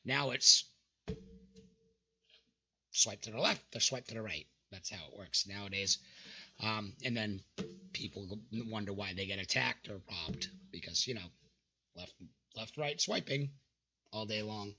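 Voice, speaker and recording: Gravelly mocking young man. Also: fairly low pitch, unhurried, pauses often, sharp tone, highs cut off. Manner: mocking, exasperated, swears freely. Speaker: channel host reacting to dating app screenshots. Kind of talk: casual reaction commentary.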